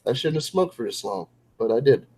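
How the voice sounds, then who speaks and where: A man's voice: a little high, mellow, rough recording. A man chatting casually on a late-night livestream, rambling and poking fun at himself with lots of fillers. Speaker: co-host of a livestream.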